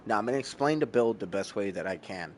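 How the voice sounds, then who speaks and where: A man's voice: lowish voice, animated, fast talker, darkish tone. Laid-back, foul-mouthed man streamer. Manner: rambling, laid-back, swears freely; chatting while eating. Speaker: gaming livestreamer. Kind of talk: casual stream chat with viewers.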